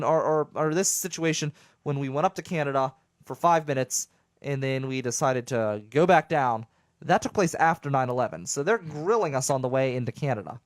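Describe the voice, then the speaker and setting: Young male show host, fairly high voice, chatty and excitable, stumbles over words, dry studio sound. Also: dry recording. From southwestern Pennsylvania. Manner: animated, rambling, jokey, lots of stammered restarts. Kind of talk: casual monologue to listeners. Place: home studio.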